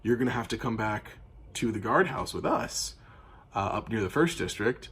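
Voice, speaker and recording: A man's voice: on the low side, expressive, normal speed, a bit bright, breathy edge. A man voicing a stern male city guard in a tabletop game recap, matter-of-fact and commanding.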